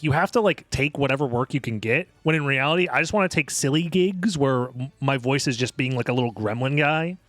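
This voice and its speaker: A young man casually commentating a live video game tournament in a rambling, jokey, excitable way. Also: on the high side, no room sound.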